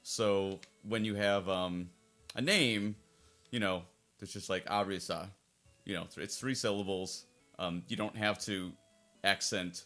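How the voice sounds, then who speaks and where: A man's voice: fairly low pitch, fairly even intonation, a little slow, pushed and bright, soft background music. A man casually commentating over a game playthrough as its fan translator, rambling and circling back on his points. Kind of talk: casual let's-play commentary.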